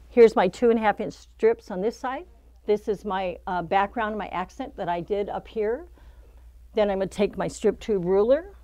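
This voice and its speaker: A woman's voice: medium pitch, a little mellow, dry recording. A middle-aged woman teaching a quilting pattern in a casual, chatty demonstration, talking through each step and laughing at her own slips in a shop studio. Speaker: quilting instructor.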